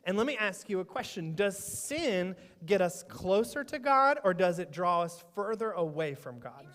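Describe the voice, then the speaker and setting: A man's voice: high-pitched, animated, normal speed, fairly bright tone. A man leading a playful children's sermon in church, teasing and quizzing the kids. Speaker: children's pastor. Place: church sanctuary. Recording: echoey church sanctuary.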